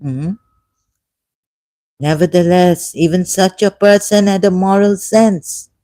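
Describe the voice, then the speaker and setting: Impassioned man, dark voice, dry sound. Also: high-pitched, slow pace, no echo. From Shia Muslim background. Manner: impassioned, swinging between loud outbursts and quiet asides. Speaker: ex-Muslim commentator. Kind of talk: emotional solo commentary.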